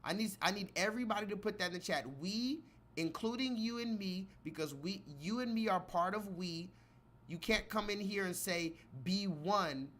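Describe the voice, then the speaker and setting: A man giving live reaction commentary, mocking and animated, often telling his chat what to type. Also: high voice. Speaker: livestream commentator.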